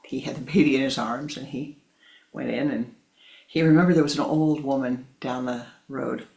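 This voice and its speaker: Gravelly-voiced man telling a teaching story. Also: mid-range voice, steady tone, normal speed, a little mellow. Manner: conversational, many asides. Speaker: spiritual teacher.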